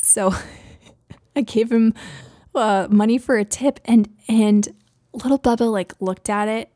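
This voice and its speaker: A woman's voice: mid-range voice, dark tone, dry recording, clean studio sound. A woman in her thirties hosting a casual solo podcast, chatting and telling stories about her kids, laughing often. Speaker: podcast host.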